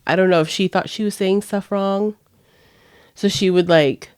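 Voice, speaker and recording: Young woman, podcast co-host, casual chat, mid-pitched, acts out quotes, dry close sound. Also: fairly even intonation, normal speed, darkish tone, smooth, no echo. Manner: chatty, acts out quotes in a higher voice.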